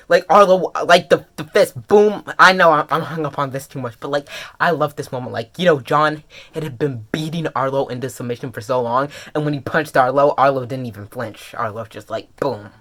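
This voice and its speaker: A webcomic reviewer in an excited casual review, gushing and filler-heavy, jumping into high squeals and dropping to soft murmurs. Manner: drops to soft, low murmurs when serious.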